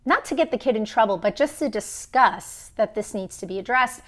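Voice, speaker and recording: A woman in her thirties talks into her phone on a live stream, her voice sitting a little high. She tells the story with emphasis and swings her voice up and down as she acts out the people in it. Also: lively intonation, brisk. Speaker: vlogger.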